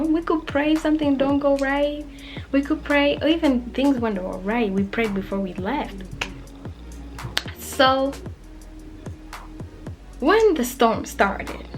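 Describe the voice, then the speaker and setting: Young woman, vlog storyteller, animated, acts out quotes, soft music behind. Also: on the high side. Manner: animated, acts out her own past self in quoted voices, drops to whispers. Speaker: vlogger telling a personal story. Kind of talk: casual storytime.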